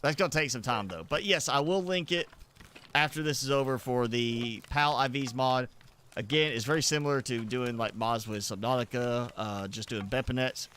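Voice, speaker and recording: A man's voice: medium pitch, moderate pace, a bit bright, clean tone. A man streaming a game, chatting casually with viewers in loose, rambling explanations full of restarts. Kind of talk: casual livestream chat.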